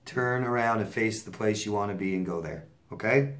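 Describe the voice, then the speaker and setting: A man's voice: on the low side, moderate pace. A man working as a relationship coach, answering viewer letters in a casual advice monologue, blunt and repeating himself for emphasis with stammered restarts.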